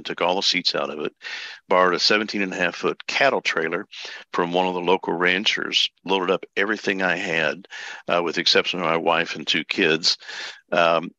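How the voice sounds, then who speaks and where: An older man in his seventies from Texas, a pastor, telling his life story as a podcast guest, unhurried and anecdotal with fillers. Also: deep voice, pushed and bright, dry recording, highs cut off. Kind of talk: storytelling interview.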